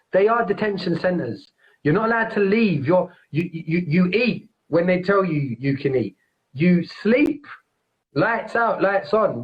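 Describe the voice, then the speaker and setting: A man speaking emphatically in a casual podcast chat, repeating his points and appealing directly to listeners. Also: high voice. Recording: dull lo-fi audio.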